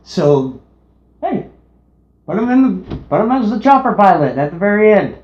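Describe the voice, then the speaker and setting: A man co-hosting a casual movie review, unhurried, sharing trivia. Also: sits high, sing-song, a little mellow. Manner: unhurried, shares trivia tidbits. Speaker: podcast co-host. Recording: echoey room, dull lo-fi sound.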